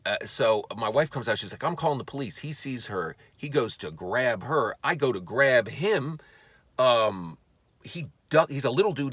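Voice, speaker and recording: Low-voiced man telling a comedic story. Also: no echo. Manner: animated, profane, stammering restarts.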